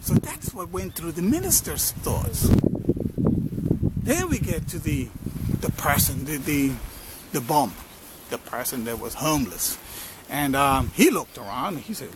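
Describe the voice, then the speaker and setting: A man's voice: a little high, wildly swooping pitch, unhurried, long pauses, background noise. A man telling a moral story in a casual, rambling way, with lots of fillers and restarts. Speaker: motivational marketing vlogger.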